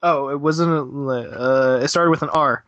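A man's voice: on the high side, steady tone, unhurried, a bit bright, no room sound. A man chatting casually about a movie, chiming in with jokes and agreement.

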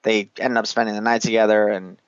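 In a low, level, smooth voice, a fast-talking man swaps profane, laugh-filled banter while loosely walking through a movie's scenes. There's no echo, and the high frequencies are cut off.

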